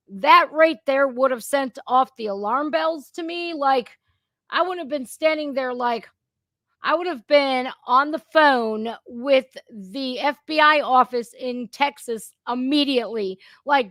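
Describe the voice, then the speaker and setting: Brief: woman reaction host, slightly high voice, indignant and conversational, dry close sound. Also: slow pace, a bit bright, no echo. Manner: indignant, conversational, addresses viewers directly. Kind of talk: impromptu live stream commentary.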